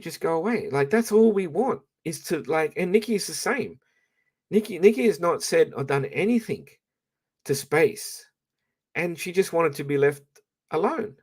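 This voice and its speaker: An Australian man ranting casually to his live-stream audience, blunt and profane, rambling with frequent restarts. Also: on the high side.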